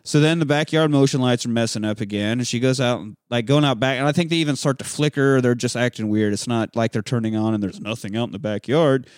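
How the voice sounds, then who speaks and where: A man's voice: medium pitch, quick pace, few pauses, clean tone, dry recording, clean studio sound. A man casually recapping a film plot with friends, swearing freely and acting out the characters' lines. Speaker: podcast co-host recapping a film. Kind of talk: casual profane chat.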